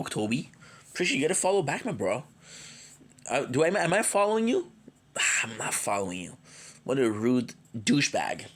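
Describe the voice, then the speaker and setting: A man's voice: mid-range voice, breathy edge. A tired man with a cold who streams, chatting casually and rambling with jokes to his viewers. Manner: rambling, joking. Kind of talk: casual live-stream chat.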